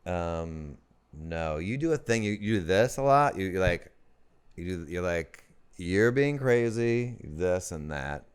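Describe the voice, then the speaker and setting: A man with a very deep, smooth voice, talking as a guest in a podcast studio. He teases drily and deadpan, often stopping and restarting mid-sentence. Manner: dry, deadpan teasing with halting restarts. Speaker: comedian guest. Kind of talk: casual comedic chat.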